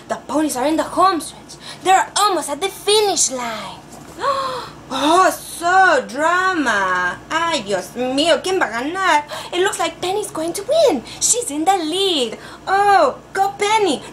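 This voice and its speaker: Brief: a woman as a high, swooping, overeager storybook teacher who mixes in Spanish words. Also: a bit bright, a little hiss or hum, heavily acted. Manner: sing-song teacher voice, drawn-out words, sprinkles Spanish phrases. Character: overeager female teacher persona, adult, playful. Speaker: pretend class teacher. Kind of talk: comic storybook read-aloud.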